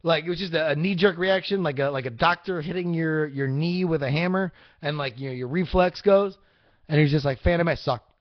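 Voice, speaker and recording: A young man with a slightly high voice hosts a casual live podcast, answering the chat. He rambles and swears as he works himself into excited rants. The audio is dry and close, with a dull lo-fi tone. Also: brisk, dry recording. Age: young adult. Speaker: podcast host.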